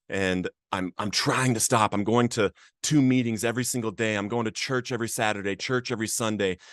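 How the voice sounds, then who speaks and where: A man's voice: lowish voice, no room sound, clean studio sound. A man hosting a podcast, telling his own addiction recovery story in an earnest, emotional way. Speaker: podcast host. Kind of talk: personal recovery testimony.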